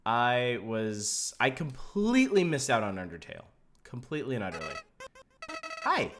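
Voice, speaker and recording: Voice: mid-range voice, big pitch swings, moderate pace, fairly bright tone. A game streamer chatting casually and joking with viewers while playing, over game music. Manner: wry, joking, reacts to chat. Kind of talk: casual live-stream commentary. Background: video game music.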